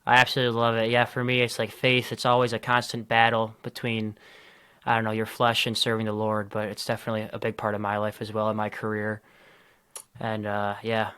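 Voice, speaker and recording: Young male host, smooth clear voice, upbeat and affirming. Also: lowish voice, monotone, brisk, bright, forceful tone. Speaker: podcast host. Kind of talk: casual podcast chat.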